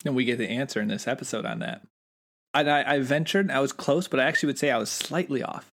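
A man's voice: mid-range voice, big pitch swings, fast talker, gravelly, a bit bright. A man co-hosting a casual podcast, musing enthusiastically and thinking aloud. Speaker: podcast co-host. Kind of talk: casual book-discussion podcast.

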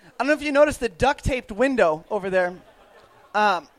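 A young man telling a travel story to a live audience in a casual, animated way, full of fillers and restarts. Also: high voice, normal speed. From United States. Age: young adult.

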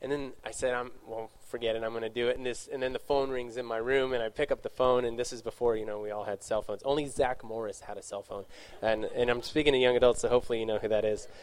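His voice sits in the mid-range with fairly even intonation as this youth speaker chats informally with young adults. Answering questions, he tells his own story in a rambling way, often self-correcting and throwing in short asides.

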